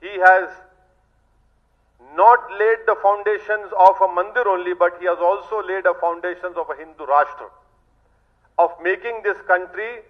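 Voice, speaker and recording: A man's voice: high-pitched, narrow, tinny audio. A man with an Indian accent, a politician giving an emphatic statement to the press with repeated rhetorical appeals.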